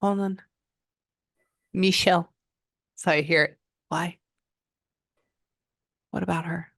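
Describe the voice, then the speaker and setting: A woman working as a psychic medium, giving a client a reading and passing on messages in an animated, chatty way. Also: fairly low pitch, takes it slowly, vocal fry, no room sound, studio quality. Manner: animated, relays messages in quotes, frequent "hold on".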